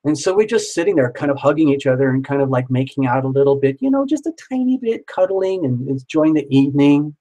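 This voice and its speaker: A man's voice: mid-range voice, quick pace, hardly any pauses, dark tone, low-quality recording. A man telling a story casually, rambling and repeating himself, with some swearing.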